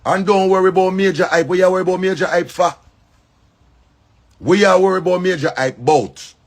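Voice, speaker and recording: A man's voice: high-pitched, fairly even intonation, a little fast. A man with a Jamaican accent, a comedian speaking in an emphatic monologue and repeating his points. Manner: repetitive, emphatic, preachy. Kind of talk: casual monologue.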